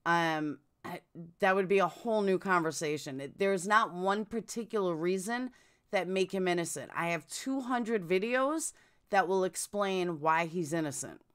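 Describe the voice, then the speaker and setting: A woman's voice: on the low side, expressive, normal speed, clean tone. A woman hosting a casual live stream, chatting and answering viewers' comments. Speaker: true crime live streamer.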